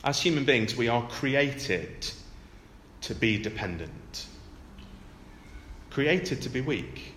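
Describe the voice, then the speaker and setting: Preacher, lively sermon voice. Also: male voice, medium pitch, slow pace, pauses often, roomy sound, long reverb tail, slight background noise. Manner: conversational, rhetorical tag questions, emphatic repetition.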